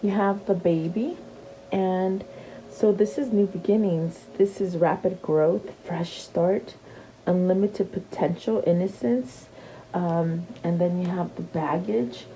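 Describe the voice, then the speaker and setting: A woman's voice: fairly low pitch, takes it slowly, mellow, a little hiss or hum, poor audio. A woman giving a casual tarot reading, chatty and repeating her questions to the cards, with many fillers and restarts. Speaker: tarot reader.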